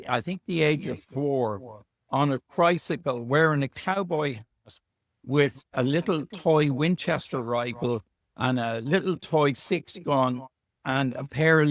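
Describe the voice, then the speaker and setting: A man's voice: medium pitch, no echo, studio quality. An Irish man, a guest author, chatting and telling anecdotes in an interview, a little self-deprecating. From Ireland. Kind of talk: relaxed storytelling interview. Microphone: video call.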